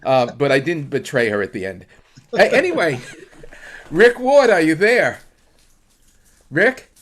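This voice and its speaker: A man's voice: a little high, very animated, measured pace, fairly bright tone. A man hosting an online song swap in a casual, hesitant way, with lots of fillers and small laughs. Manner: hesitant, full of fillers, chuckling.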